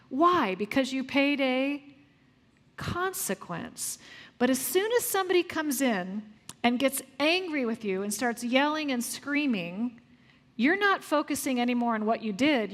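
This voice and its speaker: Woman parenting coach talking to a crowd, high voice, lots of hall echo, keeps asking then answering. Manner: lively, asks the audience questions and answers them. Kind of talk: live parenting workshop talk. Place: large room with a live audience. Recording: long hall reverb.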